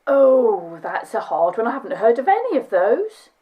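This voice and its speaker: A woman's voice: a little high, sing-song, moderate pace, phone-quality sound. A woman co-hosting a podcast, chatty and self-deprecating, laughing easily. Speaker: podcast co-host and quiz contestant. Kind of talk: casual chat.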